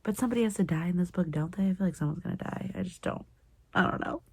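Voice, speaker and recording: Young woman, book vlogger, low voice, husky, emotional reactions, slips into whispers, loose rambling retelling. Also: fast talker, darkish tone, dry recording. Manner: emotional, exclamatory reactions, often dropping into a whisper; retells plot loosely with many fillers. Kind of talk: casual reading-vlog commentary.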